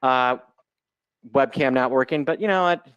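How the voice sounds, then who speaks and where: A man's voice: mid-range voice, moderate pace, a bit bright, clear, resonant tone, no echo, dull audio. Chatty man in his forties, dry sound. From Chicago, United States. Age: 40s. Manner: chatty and joking, loose unscripted delivery. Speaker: guest presenter, options trader. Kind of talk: live webinar presentation.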